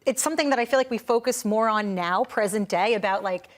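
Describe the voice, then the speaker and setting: A woman's voice: medium pitch, fast. A woman on a soccer panel show, chatty and self-deprecating, who says "like" often. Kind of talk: sports panel discussion.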